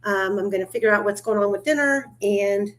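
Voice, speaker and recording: A woman's voice: medium pitch, brisk. A woman hosting a casual livestream chat, talkative and loose, swearing now and then and laughing often. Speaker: livestream host.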